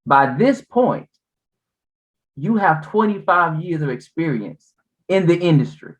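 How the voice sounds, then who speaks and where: A man's voice: fairly high pitch, animated, unhurried, lo-fi sound. A male podcast host who breaks in with emphasis to sum up the guest's story for listeners. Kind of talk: interview chat.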